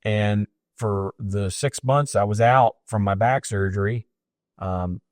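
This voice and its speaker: A man co-hosting a faith podcast with a low voice and a dry, close sound. He talks in a reflective, conversational way and fills his pauses often. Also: dry recording. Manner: conversational, reflective, many fillers. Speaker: podcast co-host. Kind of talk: casual chat.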